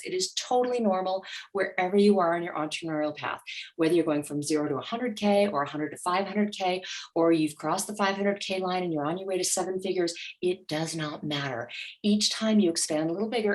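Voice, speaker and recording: A middle-aged woman, a money mindset coach, telling her story in an interview and acting out her inner voice. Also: fairly low pitch. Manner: animated, acts out her inner voice.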